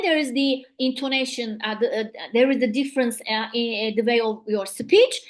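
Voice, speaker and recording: A woman with a Turkish accent teaching an English grammar lesson, pausing often with fillers and slipping into Turkish. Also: sits high. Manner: hesitant, many fillers, switches between English and Turkish. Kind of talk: recorded online lesson.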